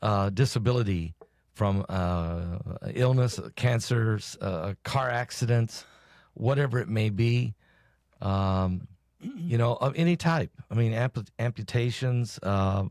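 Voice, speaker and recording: A man's voice: on the low side, a little slow, darkish tone, no echo, studio quality. A man hosting a podcast in a casual, supportive way, with many short agreements. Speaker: podcast host. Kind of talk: casual interview chat. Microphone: podcast studio mic.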